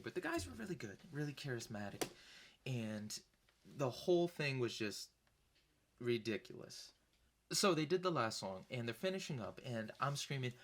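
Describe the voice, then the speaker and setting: Young guy rambling thru a gig story, swears a bit, does little voices, medium pitch. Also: a little hiss or hum. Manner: animated, loose, swears casually, acts out voices. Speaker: vlogger. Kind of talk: casual storytelling.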